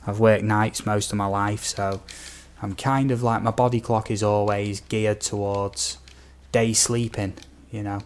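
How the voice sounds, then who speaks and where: A young British man with a fairly low voice talks through a late-night game stream. He rambles in a loose, casual way, reading out viewer messages and padding his speech with ums. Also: level tone, unhurried, hardly any pauses, a little hiss or hum. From United Kingdom. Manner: rambling, reads out viewer comments with many ums. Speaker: gaming streamer. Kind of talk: casual live-stream chat.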